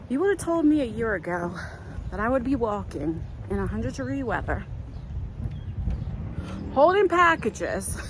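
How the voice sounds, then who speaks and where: A middle-aged vlogger holds her phone as she walks outdoors, rambling casually with lots of fillers in a chatty walk-and-talk vlog. Her voice sits on the high side and is very animated, with a measured pace and frequent pauses. Background noise is audible.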